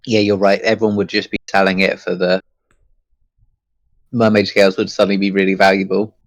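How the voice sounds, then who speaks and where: Low-voiced man with an Essex-tinged British accent. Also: flat delivery, brisk, no echo. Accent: Essex-tinged standard British. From Britain. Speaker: player. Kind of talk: casual tabletop game chat.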